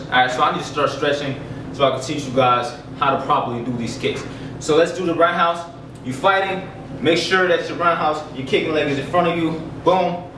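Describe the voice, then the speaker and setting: A man's voice: a little high, noisy background. A man teaching basic karate kicks in a loose, chatty way, out of breath as he demonstrates. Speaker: karate instructor. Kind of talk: casual martial arts lesson. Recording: echoey room, mic from a distance.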